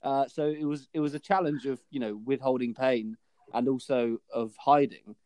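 Young man, mid pitch, chatty and hesitant podcast co-host, dry close sound. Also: fairly even intonation, normal speed, darkish tone, no room sound. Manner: chatty, hesitant with fillers and restarts. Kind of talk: casual chat.

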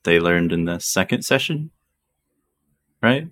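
A man running a tabletop game as game master, talking slowly and casually and swearing now and then. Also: sits low. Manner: slow, relaxed, swears casually.

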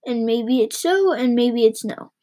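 A gleeful, bellowing male coach driver who talks in riddles and sings out his warnings, put on by a woman reading aloud. The voice sits noticeably higher than the reader's own and stays loud. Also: animated, measured pace. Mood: boastful. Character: reckless boastful male mail-coach driver.

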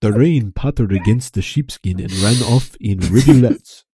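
A man reading book narration aloud as a guest on a podcast, steady and unhurried. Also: on the low side, slight background noise. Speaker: guest reader.

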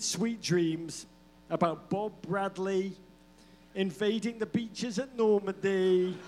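A man's voice: high-pitched, slight background noise. A man co-hosting a live comedic football podcast, telling stories in a playful, mock-dramatic way and laughing often. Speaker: podcast co-host. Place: live show venue.

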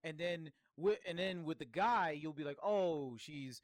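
A man's voice: fairly high pitch, moderate pace, no echo. A man co-hosting a podcast in casual conversation who affirms and finishes his partner's thoughts. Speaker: podcast co-host.

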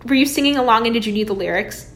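A woman's voice: fairly high pitch, rapid-fire, a bit bright, slight background noise. A young woman, a college radio DJ hosting a podcast, chatting eagerly with lots of "like.". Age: young adult. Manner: chatty, eager, many "like" fillers. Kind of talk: casual chat.

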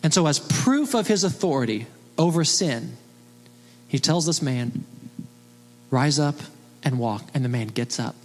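A man with a high voice preaches a sermon, driving his points home with emphatic rhetorical questions. His voice rings through a large church sanctuary with a long, lingering reverb. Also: big pitch swings, normal speed. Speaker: pastor.

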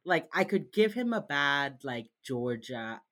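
Female co-host, low voice with lively swings, wry and casual. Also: unhurried. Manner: wry, recapping plot. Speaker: podcast co-host. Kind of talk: casual chat.

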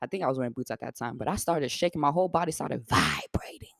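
A young woman from Africa hosting a podcast, telling a story in a blunt, profane, animated way. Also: rumbling low, fast talker, gravelly, dry recording, clean studio sound. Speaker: podcast host. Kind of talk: casual storytelling.

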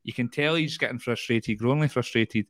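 A man's voice: medium pitch, a little fast, a bit bright, dry recording. A Scottish man chatting casually on a football podcast, rambling with hesitations. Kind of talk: casual chat.

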